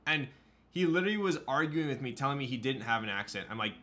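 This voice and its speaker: Man, live streamer, casual chat, bright tone, faint music behind. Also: medium pitch, expressive, quick pace. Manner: chatty, loose, reads and answers chat.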